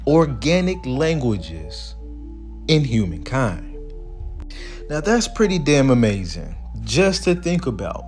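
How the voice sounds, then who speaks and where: A man hosting a commentary video, reading quoted passages slowly and then breaking into loose, casual remarks. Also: medium pitch, darkish tone. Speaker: video host.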